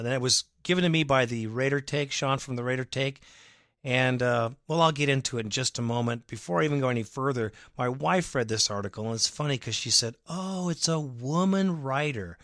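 A man hosting a sports fan podcast, giving an emphatic, rallying and sarcastic monologue that breaks into loud bursts. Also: mid-range voice, normal speed, no room sound, clean studio sound. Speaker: podcast host.

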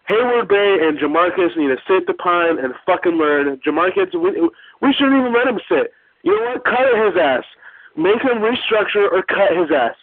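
A high-voiced man rants with profane glee, cursing freely. The sound comes through a tinny, phone-like line, dry and close. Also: no room sound. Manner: profane, gleeful, ranting. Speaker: caller. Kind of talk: recorded fan call-in rant.

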